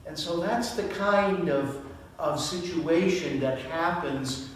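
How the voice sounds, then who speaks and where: Slow priest preaching in an echoey church. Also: male voice, a little high, recorded from a distance, slight background noise. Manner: slow, deliberate preaching with rhetorical questions. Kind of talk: sermon. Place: church sanctuary.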